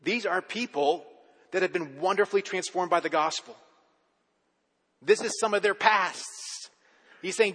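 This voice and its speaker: Male pastor, sermon delivery, fairly high bright voice, long hall reverb, conversational with rhetorical questions. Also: unhurried, pauses often, husky. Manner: conversational preaching, rhetorical questions, repeats words when excited.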